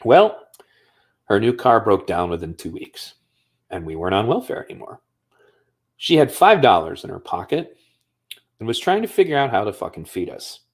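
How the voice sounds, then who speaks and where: A man's voice: fairly low pitch, very animated, moderate pace, pauses often, husky. A man from the United States talking casually on a livestream, telling a personal story in a profane, conversational way. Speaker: streamer.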